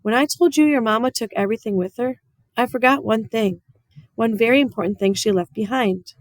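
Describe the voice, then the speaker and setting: A woman voicing a gentle, weary preacher father who speaks softly and earnestly. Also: fairly high pitch, fairly quick, no echo, studio quality, pitched above the performer's own voice, close to an everyday voice. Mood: tender. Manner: soft, earnest and tender.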